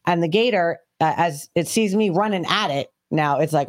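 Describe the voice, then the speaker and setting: A woman co-hosting a podcast, telling a story in casual chat, animated and swearing freely. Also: fairly low pitch, normal speed. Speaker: podcast co-host.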